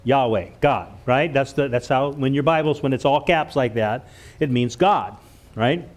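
A man's voice: medium pitch, measured pace. A man preaching a church sermon, earnest, stumbling over and repeating words as he goes. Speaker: pastor.

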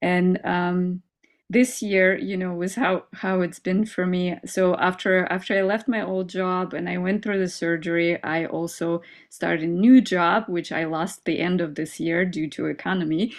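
A woman's voice: lowish voice, level tone, a little slow. A woman speaking as an interview guest in a casual, heartfelt conversation, earnest and upbeat, with many fillers and small laughs. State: mother.

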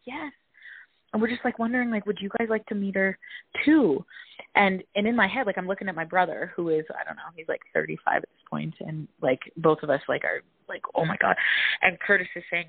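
A woman's voice: on the low side, slightly rough, no room sound. A woman in her forties, a psychologist and author, telling a family story in a casual interview and acting out the voices she quotes. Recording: dry, tinny phone-like audio.

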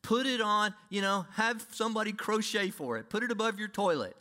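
A man preaching a sermon to his congregation, emphatic, with sudden swings between loud and quiet delivery. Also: high voice, brisk. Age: older. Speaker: pastor.

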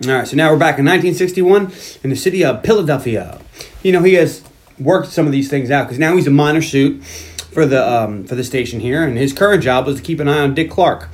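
A podcast host casually retelling a movie plot, loose and profane, with frequent laughs. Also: male voice, fairly high pitch, fast talker. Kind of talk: casual movie recap chat.

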